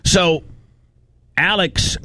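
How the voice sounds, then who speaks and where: A man hosting a radio show, telling a story in a fired-up, animated rant and quoting people as he goes. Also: high voice, extremely slow, dry recording. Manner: animated, fired-up, quotes people in his retelling. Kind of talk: casual on-air storytelling rant.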